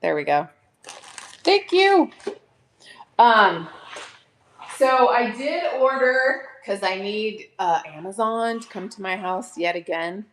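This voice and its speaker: A woman hosting a casual live sale from home, chatting warmly and gushing over each item. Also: medium pitch, animated, a little slow, a little hiss or hum. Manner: chatty, gushing, addresses viewers as "you guys". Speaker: online live-sale seller. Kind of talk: casual live-stream selling chat.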